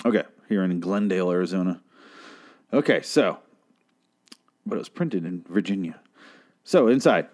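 A man's voice: low voice, fairly quick, long pauses, darkish tone. A man hosting a solo podcast, reading aloud and commenting with profane, sarcastic ranting. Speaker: podcast host.

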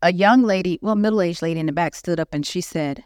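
A woman preaching to a women's session at church, lively and conversational. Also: lowish voice, fast talker, few pauses, no echo, clean studio sound. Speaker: guest speaker. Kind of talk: teaching sermon. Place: church hall.

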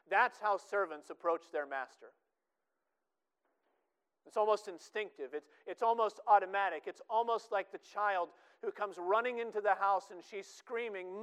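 A man's voice: sits high, normal speed, long pauses, fairly bright tone, smooth, poor audio. A man preaching a sermon in an earnest way, often repeating words for emphasis.

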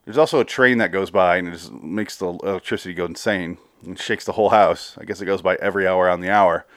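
A man's low, steady, slightly bright voice carries a rambling podcast recap of a TV episode, full of free swearing, laughter, and quick bursts of character quotes. The clean studio sound has no room echo.

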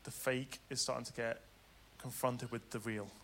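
Bright, dramatic male preacher. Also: mid-range voice, little pitch movement, normal speed, a little hiss or hum. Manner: dramatic, swings from loud urgency to hushed tenderness. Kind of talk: sermon.

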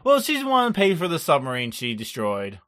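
A man's voice: fairly high pitch, wildly swooping pitch, fairly quick, fairly bright tone. A man co-hosting a podcast, recapping an anime episode in loose casual chat, laughing often and swearing. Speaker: podcast co-host.

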